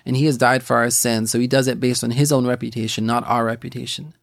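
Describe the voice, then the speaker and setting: Young guy, gravelly voice, middle pitch, talking about his faith in a halting, rambly way. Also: flat delivery, no echo, studio quality. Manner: rambling, halting, many restarts and fillers. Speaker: podcast host. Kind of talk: personal faith testimony.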